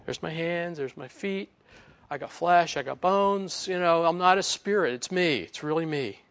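A man voicing a calm figure reassuring a frightened group of friends in a casual, playful way. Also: on the high side, moderate pace. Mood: insistent.

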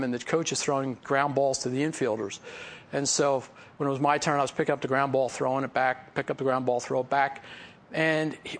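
A male pastor giving a casual, story-filled sermon, teaching from a Bible passage with folksy asides and chuckles. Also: fairly high pitch. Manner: conversational, folksy, laughs at own stories. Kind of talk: sermon with personal stories.

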